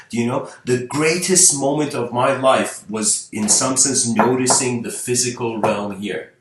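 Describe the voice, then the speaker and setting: A man's voice: mid-range voice, moderate pace, hardly any pauses, fairly bright tone. Musing man in an echoey room. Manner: musing, full of rhetorical questions. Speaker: spiritual lecturer. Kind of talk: unscripted spiritual talk.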